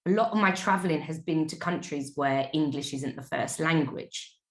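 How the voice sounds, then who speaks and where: A woman's voice: sits low, moderate pace, reverberant. A woman hosting a casual chat, asking engaged questions about travel.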